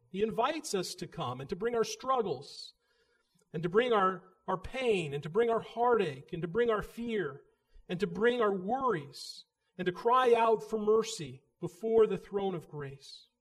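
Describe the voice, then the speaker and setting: A man's voice: sits high, very animated, moderate pace. A man preaching a sermon in an earnest manner, building emphasis as he goes. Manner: earnest, with frequent restarts and rising emphasis.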